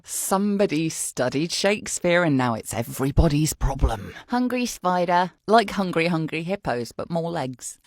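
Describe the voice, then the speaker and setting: Husky woman, playful and sweary. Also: on the low side, big pitch swings, measured pace, dry recording, clean studio sound. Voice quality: slightly husky. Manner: playful, sweary, self-mocking, laughs often. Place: recording booth.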